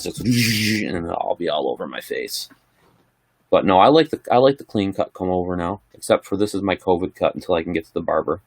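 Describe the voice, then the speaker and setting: A man's voice: deep voice, dry recording, studio quality. A middle-aged man casually chatting on a livestream, answering viewer questions in a rambling, laid-back way. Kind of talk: casual live chat.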